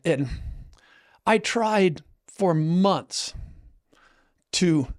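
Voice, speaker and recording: A man's voice: a little high, moderate pace. Earnest older man telling stories. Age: 60s. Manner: storytelling, earnest, with many restarts. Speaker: host, coach. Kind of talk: casual chat.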